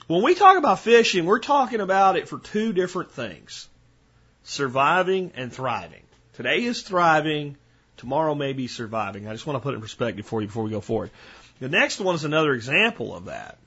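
A man's voice: medium pitch, a bit bright, slightly rough, muffled recording. A man hosting a podcast, talking casually in a folksy, rambling storytelling way. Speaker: podcast host.

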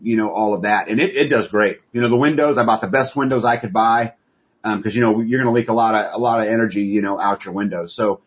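A man's voice: medium pitch, husky. A man talking as a guest in an interview, earnest and folksy with many fillers. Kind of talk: conversational interview. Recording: dull lo-fi audio.

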